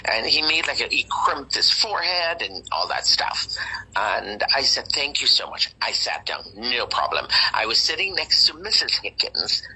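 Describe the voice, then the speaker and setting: A guest telling a personal story in casual chat, animated and emphatic with dramatic asides. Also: medium pitch, normal speed, husky, low-quality recording.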